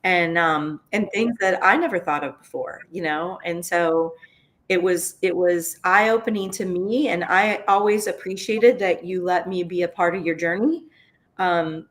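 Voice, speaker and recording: An earnest woman with a fairly low voice, recalling her years as a student's mentor. She talks emphatically and keeps checking in with "right?" while she chokes back tears. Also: fairly bright tone. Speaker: former school advocate and mentor. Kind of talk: heartfelt conversational reminiscence.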